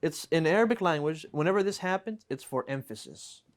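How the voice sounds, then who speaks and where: A man's voice: fairly high pitch, lively intonation, a little fast. A man teaching an Arabic grammar class, patiently explaining with repeated examples and checking in with students. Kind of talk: classroom lesson.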